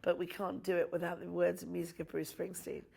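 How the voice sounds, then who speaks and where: Woman, film director, low gravelly voice, teasing, storytelling interview chat. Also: level tone, fairly quick, darkish tone. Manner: teasing, laughs often.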